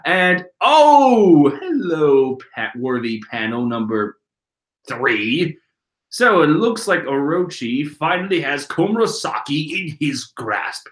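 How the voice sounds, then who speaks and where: Animated, joking man reading manga aloud. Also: medium pitch, slow. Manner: animated, profane, joking, swinging between mumbling and shouting. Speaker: manga reader and commentator. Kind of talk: comedic manga reading commentary. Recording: roomy echo.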